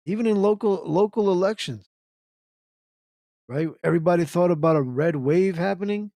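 A man's voice: high-pitched, normal speed, warm tone, dry recording. A man hosting an internet radio show, ranting in a casual live commentary, repeating himself and firing off rhetorical questions while reacting to chat. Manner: ranty, repetitive, asks rhetorical questions.

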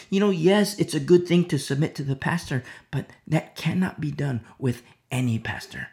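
A man's voice: medium pitch, vocal fry. A man preaching a conversational Bible teaching, repeating phrases and dropping to near-whispers for emphasis, acting out little mock dialogues. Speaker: pastor.

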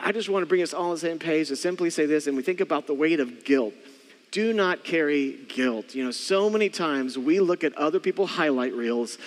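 A man's voice: fairly high pitch, long reverb tail. A man in his thirties preaching a casual, joking sermon as a pastor, talking straight to his congregation. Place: church hall.

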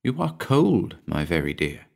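A man's voice: deep voice, sing-song, measured pace, gravelly, a little mellow, exaggerated voice. A man voicing an earnest young lover. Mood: tender. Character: young man, a lovesick killer, eager.

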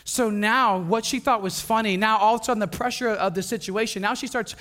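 A man's voice: high-pitched, fairly quick. A young man from Wisconsin preaching a casual sermon, telling stories with laughter and acting out the people in them. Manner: animated, laughing, acts out voices of people in his stories. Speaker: pastor. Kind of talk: sermon with storytelling.

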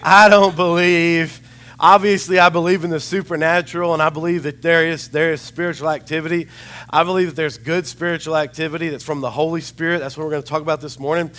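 A man preaching a sermon, with a chatty, rambling storytelling manner and a slightly hoarse voice. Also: on the high side, steady tone, fast talker, fairly bright tone. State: hoarse, recovering voice.

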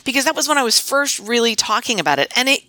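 Chatty middle-aged woman, bright dry voice. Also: a little high, sing-song, fast talker, no room sound. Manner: chatty, storytelling with many restarts. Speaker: veterinarian and guest. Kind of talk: casual podcast conversation.

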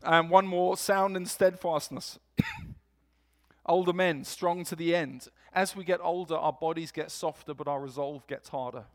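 A man's voice: a little high, unhurried. A man preaching a sermon in a church, telling stories and acting out quotes with energy. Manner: storytelling, animated quotes.

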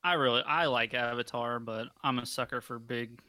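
A laid-back man co-hosting a movie podcast, cursing casually as he chats. His voice is bright and a little sharp, recorded close and dry with no room sound. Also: mid-range voice, fairly even intonation, moderate pace, no echo. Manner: laid-back, swears freely. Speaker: podcast co-host. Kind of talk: casual movie-review chat.

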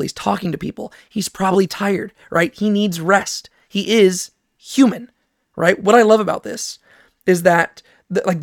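A man's voice: high-pitched, vocal fry, dry recording, studio quality. A man teaching a Bible study in a casual, conversational way, often checking in with "right?". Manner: conversational, keeps asking "right?".

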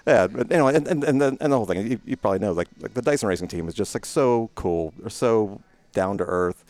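A middle-aged man with a lowish voice tells stories as an interview guest. He rambles in a relaxed way, full of fillers and restarts, and laughs easily at himself. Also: fast talker, no room sound. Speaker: guest, retired racing driver. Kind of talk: casual storytelling interview.

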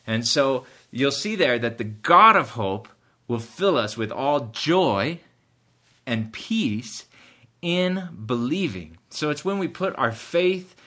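A man's voice: mid-range voice, expressive, slow pace, bright, forceful tone. A man preaching a sermon earnestly, rising in emphasis at key points. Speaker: pastor.

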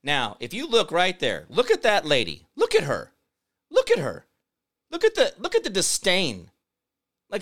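Animated, bright-voiced male ranting host. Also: high voice. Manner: sarcastic, ranting, mocks with put-on voices. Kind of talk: political commentary show.

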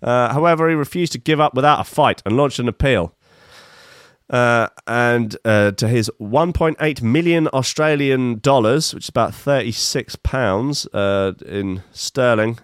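A man's voice: medium pitch, unhurried, clear, resonant tone, dry recording, clean studio sound. A man in his fifties reading odd news stories and adding wry, rambling comic asides, with many fillers. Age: 50s. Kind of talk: casual comic news commentary.

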